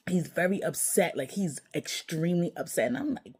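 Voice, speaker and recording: Low-voiced mother telling a blunt story. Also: big pitch swings, fairly quick, darkish tone, husky. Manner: emotional, blunt, swears casually. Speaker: mother and vlogger. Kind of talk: candid personal storytelling.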